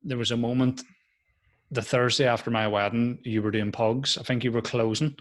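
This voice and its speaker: A man's voice: medium pitch, fairly even intonation, normal speed. A young adult man, a comedian in casual podcast chat over a video call, telling stories with lots of swearing and acted-out quotes.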